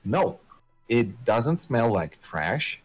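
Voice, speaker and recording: Slow, hesitant man running a tabletop game. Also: mid-range voice, sing-song, soft background music, poor audio. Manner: slow, hesitant narration with many fillers. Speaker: game master.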